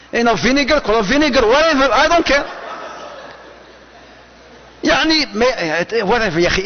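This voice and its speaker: A man preaching to an audience, lively and mixing Arabic phrases into his English. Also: very high voice. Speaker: Islamic preacher. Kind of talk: lecture to a live audience. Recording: dull, echoey hall sound.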